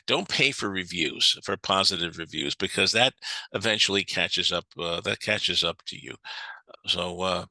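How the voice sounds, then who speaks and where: Gravelly older man giving a chatty seminar talk. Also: sits low, moderate pace, bright, forceful tone, dry recording, low-quality recording. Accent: American. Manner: chatty, joking, many fillers and restarts. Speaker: business speaker.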